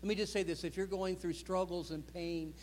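A man's voice: high-pitched, steady tone, brisk, long reverb tail, slight background noise. Preaching man in his fifties. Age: 50s. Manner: builds to loud impassioned preaching, acts out quoted prayers. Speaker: pastor. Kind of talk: sermon.

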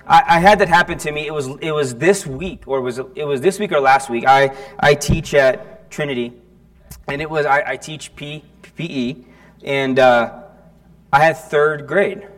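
Man, pastor, sermon, chatty and halting, fairly high voice, church. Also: a bit bright. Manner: conversational, halting with restarts, asks the congregation questions. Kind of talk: sermon with storytelling.

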